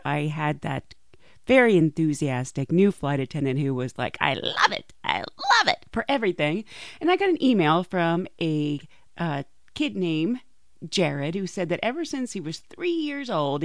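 Lively gravelly woman host. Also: fairly low pitch, normal speed, dry recording, studio quality. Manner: animated, laughs often. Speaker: podcast host. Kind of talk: casual storytelling monologue.

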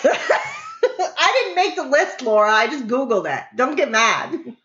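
A woman's voice: high voice, wildly swooping pitch, slow, a bit bright, dull audio. A woman co-hosting a podcast in casual chat, playful and giggly, teasing her co-host.

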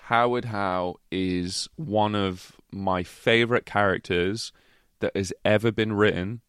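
British male co-host, low-pitched, bright, dry sound, emphatic and profane. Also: fairly even intonation, slow pace, smooth, no room sound. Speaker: podcast co-host. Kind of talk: casual chat.

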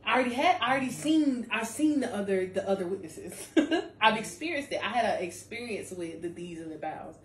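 A woman co-hosting a casual faith podcast, talking in an animated, preachy way and laughing often. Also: medium pitch, fairly quick, hardly any pauses. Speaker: podcast co-host. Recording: roomy, distant mic, faint hiss.

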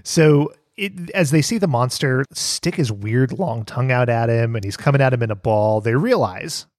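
A man's voice: medium pitch, lively intonation, normal speed, noisy background. A man co-hosting a podcast, recapping a cartoon in casual chat, joking, swearing and laughing often.

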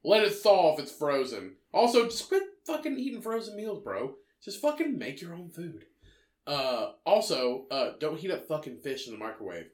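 A man co-hosts a casual podcast, delivering blunt, profane rants. His voice sits a bit high, and the room gives it a noticeable echo. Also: very animated, normal speed. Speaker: podcast co-host.

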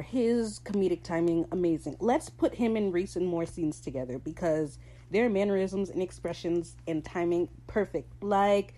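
Animated gossipy woman recapping a show. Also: medium pitch, low-quality recording. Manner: animated, gossipy, quotes characters in little voices, laughs often. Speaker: podcast host recapping a TV episode. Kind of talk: casual solo recap.

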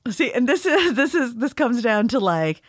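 A woman's voice: on the high side, big pitch swings, moderate pace, dry recording, clean studio sound. A woman co-hosting a podcast in casual chat, giggly and talkative, often restarting her sentences. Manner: giggly, chatty, frequent restarts. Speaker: podcast co-host.

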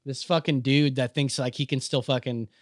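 A man's voice: mid-range voice, steady tone, moderate pace, no echo, clean studio sound. A young man co-hosting a casual chat, ranting and swearing as he tells a story about a coworker. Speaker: podcast co-host.

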